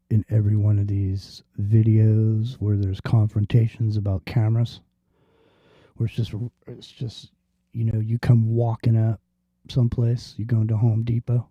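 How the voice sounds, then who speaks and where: A man's voice: lowish voice, no echo. A man hosting a casual talk show, rambling and swearing freely, with lots of fillers and restarts. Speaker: podcast host. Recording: dull lo-fi sound.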